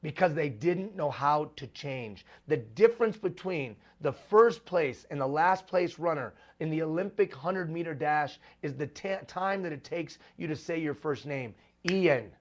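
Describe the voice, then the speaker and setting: A man's voice: fairly high pitch, lively intonation, unhurried, few pauses. A man giving a live motivational talk to executive leaders. He speaks emphatically and repeats refrains for rhetorical effect.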